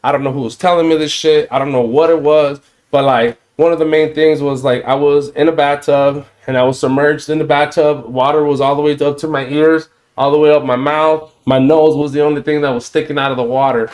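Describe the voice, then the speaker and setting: A man's voice: fairly high pitch, fairly even intonation, a little fast, hardly any pauses, a little mellow. A man hosting a podcast, talking in a loose, rambling way and often checking in with "you know what I mean". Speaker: podcast host. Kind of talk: casual podcast chat.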